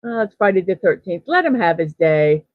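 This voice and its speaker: A middle-aged woman hosting a casual morning livestream, thinking aloud and reading out chat messages with soft laughs. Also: on the low side, big pitch swings, normal speed, no room sound, narrow, tinny audio. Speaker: host of a daily morning livestream.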